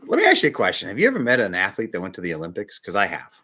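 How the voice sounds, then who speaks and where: A middle-aged bishop preaching with a husky, breathy edge to his low voice. His pitch swings widely as he tells his story, and his tone stays bright and forceful. He sounds confiding and animated. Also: very fast. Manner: emotional personal testimony, animated and confiding. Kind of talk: sermon.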